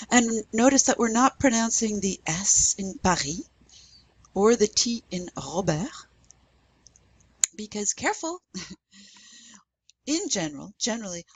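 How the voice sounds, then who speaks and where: Slow, husky-voiced woman teaching pronunciation. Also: mid-range voice, rough recording. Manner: patient, demonstrating pronunciation slowly with repetition. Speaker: French teacher. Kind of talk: recorded language lesson.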